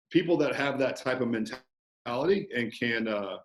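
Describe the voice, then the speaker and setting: A man guest talking about coaching in a relaxed, animated interview, often acting out conversations. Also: mid-range voice, moderate pace, echoey room. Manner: animated storyteller, acts out coach-client banter. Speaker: fitness business owner, guest.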